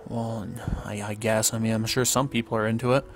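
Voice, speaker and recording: A man reading a visual novel's text aloud in a flat, even way, with casual asides and small stumbles. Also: lowish voice, fairly quick, a little hiss or hum. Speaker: let's play commentator. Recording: faint music underneath.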